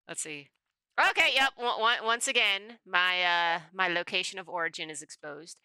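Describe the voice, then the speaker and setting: Woman streamer, casual chat, thinking aloud, very bright tone, dry close sound. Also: on the low side, moderate pace, clean tone, dry recording. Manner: thinks aloud, rambling, often corrects herself. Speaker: VTuber streamer. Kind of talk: casual chat while taking a quiz.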